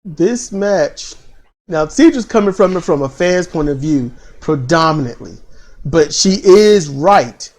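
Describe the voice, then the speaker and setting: Animated, laughing wrestling podcast co-host. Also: medium pitch, unhurried. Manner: animated storyteller, laughing, mimicking others. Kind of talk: casual wrestling commentary chat.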